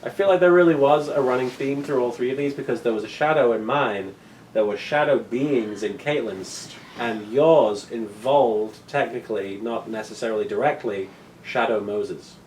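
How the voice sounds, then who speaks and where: A man's voice: medium pitch, normal speed, darkish tone. A man hosting a casual chat about fan fiction, musing in a wry way. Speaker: podcast host. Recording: roomy with faint noise.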